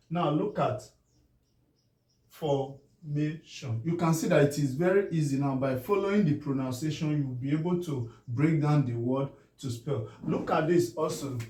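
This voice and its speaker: A man with a Nigerian English accent gives a spelling lesson, slowly stretching words into syllables and checking whether it is clear. His voice sits a bit high but sounds mellow. It is heard from a distance in an echoey room. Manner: checks in often, asking if it is clear; drawn-out syllable-by-syllable pronunciation. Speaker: teacher.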